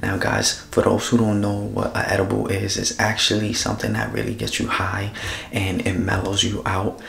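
A man's voice: lowish voice, normal speed, vocal fry. A man hosting a casual home vlog, talking energetically to camera and calling his viewers "guys" again and again. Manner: energetic, repeats "guys" often. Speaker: vlog host. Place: home kitchen. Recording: echoey kitchen, faint noise.

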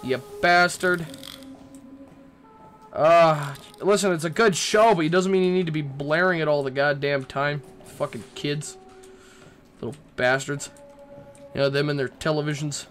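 A man's voice: on the high side, steady tone, a little slow, long pauses, fairly bright tone, faint music behind. A young man playing a horror game and commenting, nervous and rambling, swearing and talking back to the characters. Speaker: gaming YouTuber.

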